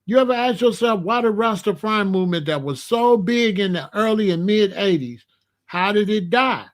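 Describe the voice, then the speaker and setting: A male commentary host from Chicago, telling stories in an opinionated monologue with animated, slangy street talk. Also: high-pitched, normal speed.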